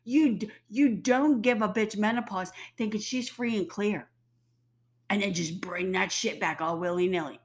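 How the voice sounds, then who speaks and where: In her fifties, this woman rants casually to camera, blunt and profane. Her voice is medium in pitch at a normal speed, and she sounds stuffy and sore-throated.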